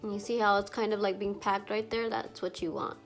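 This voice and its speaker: In a fairly quick, mid-range voice with fairly even intonation, a young woman beauty vlogger chats through a makeup tutorial. She's a little congested from allergies and leans on filler words and casual swearing. Faint music plays behind her.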